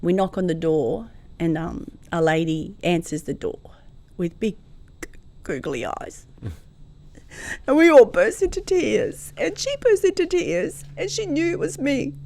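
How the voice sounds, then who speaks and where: A woman's voice: mid-range voice, sing-song, a little slow, vocal fry, a little mellow. Woman, fifties, Croatian-born, Croatian speaker, podcast guest, emotional storytelling, laughs often. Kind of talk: casual storytelling interview.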